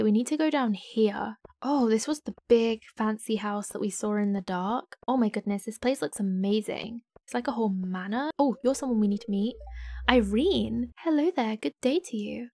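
A young woman giving casual, giggly let's-play commentary with gasps and hushed asides. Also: a little high, no echo. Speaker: gaming YouTuber and streamer.

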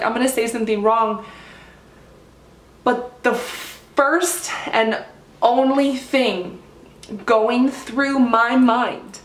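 A woman's voice: fairly high pitch, fairly bright tone, roomy sound. A woman vlogger telling a personal story to camera in a gushing, casual way, filling her talk with "like". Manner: gushing, heavy use of "like".

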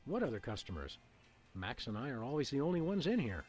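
A man's voice: mid-range voice, big pitch swings, fast talker, a little mellow, slightly rough, faint music behind. A man voicing a cartoon dog detective who delivers dry wisecracks. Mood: wry.

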